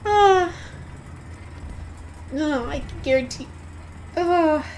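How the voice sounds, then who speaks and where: A woman streaming a game, chatting casually, giggling and getting excitable. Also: fairly high pitch, moderate pace, slight background noise. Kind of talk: casual gaming commentary.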